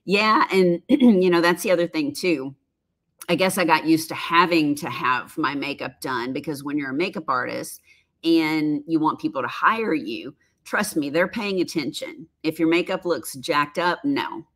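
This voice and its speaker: A woman's voice: sits low, normal speed, fairly bright tone. A woman in her fifties chatting casually on a live stream, reading viewer comments with frequent laughs and rambling asides. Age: 50s. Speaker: livestream host, former makeup artist.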